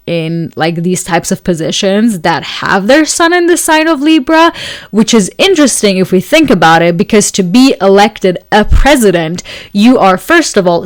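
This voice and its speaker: A woman's voice: medium pitch, dry recording. Woman, astrologer, casual forecast talk, chatty, hunts for words, dry close sound. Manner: chatty and searching for words, with frequent fillers and light laughs; speaks several languages. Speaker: astrologer hosting a weekly forecast channel. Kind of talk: casual explanatory monologue.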